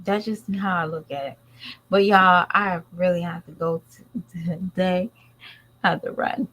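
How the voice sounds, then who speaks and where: Blunt chatty woman vlogger, low voice. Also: fairly even intonation, unhurried, a bit bright, low-quality recording. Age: adult parent. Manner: chatty, blunt, rambling, talks straight to viewers. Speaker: vlogger talking to viewers. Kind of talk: casual commentary chat.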